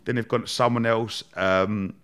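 A man's voice: on the low side, normal speed. Laughing man telling stories. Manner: lively, laughing, swearing, rambling anecdotes. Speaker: podcast guest. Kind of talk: casual storytelling interview.

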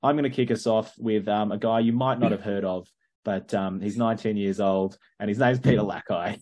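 A man's voice: on the low side, steady tone, fairly quick, warm tone. A man, co-hosting a rugby podcast and teasing his friends in casual banter. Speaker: podcast co-host.

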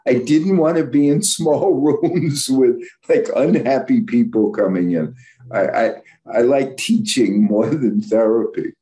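A psychologist appearing as a guest speaker gives a frank, blunt, informal lecture, often stumbling and correcting himself. His voice is mid-range and mellow, and he speaks a little slowly.

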